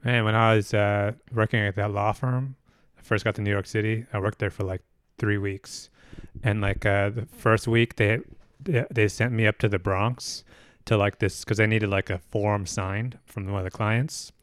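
A man's voice: fairly low pitch, steady tone, normal speed, clear, resonant tone, dry recording, studio quality. A man in casual chat, laid-back and musing, loose with his fillers.

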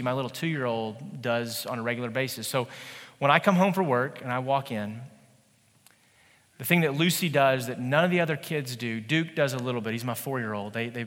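Bright-voiced preacher in a reverberant hall. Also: male voice, medium pitch. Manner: conversational, animated preaching with playful asides. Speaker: pastor. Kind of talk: sermon.

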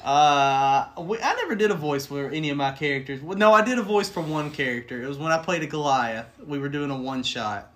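A man tells stories on a podcast with animated enthusiasm. His voice sits a little high and sounds bright and forceful. He talks in a loose, casual way. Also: fairly quick, hardly any pauses. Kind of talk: casual chat.

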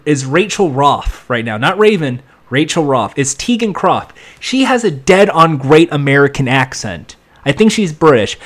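A man rambling through a casual recap of a TV episode, acting out lines as he goes. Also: fairly high pitch. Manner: rambling, animated, acts out lines. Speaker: TV episode reviewer.

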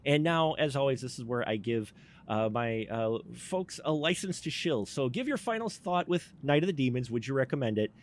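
A man's voice: medium pitch, lively intonation, normal speed. Chatty man hosting, laughs a lot. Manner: laughs often, loose and chatty. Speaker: podcast host. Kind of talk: casual live-stream chat.

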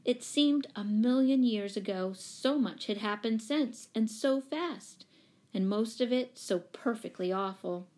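A woman reading a children's novel aloud in a calm, even storytelling voice. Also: a little high, measured pace. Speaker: audiobook reader.

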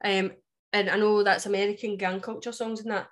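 A woman's voice: medium pitch, level tone, a little fast. A woman with a West Coast Scottish accent, co-hosting a podcast in casual chat, emphatic and blunt, swearing freely. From West Coast of Scotland. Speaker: podcast co-host.

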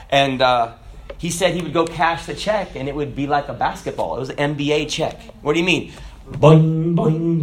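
A man preaching a sermon, telling jokes and acting out the characters in his stories. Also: sits high. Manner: animated storytelling, acting out characters. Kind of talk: joke-filled sermon.

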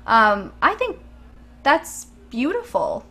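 A woman's voice: high voice, wildly swooping pitch, takes it slowly, pushed and bright, breathy edge. A young woman co-hosting a podcast, chatting casually and enthusiastically with frequent ums. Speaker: podcast co-host. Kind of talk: casual chat.

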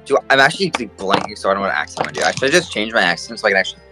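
A young man playing a tabletop game, talking in a quick, excitable way. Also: on the low side, loud music behind the voice, poor audio. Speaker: player. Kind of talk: casual banter at the game table.

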